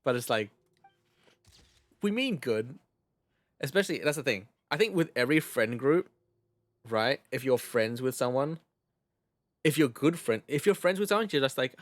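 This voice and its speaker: A man's voice: medium pitch, animated, moderate pace, pauses often, no room sound. An Australian man chatting casually while livestreaming a game, laughing often and swearing freely. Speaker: streamer. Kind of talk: casual livestream gaming chat.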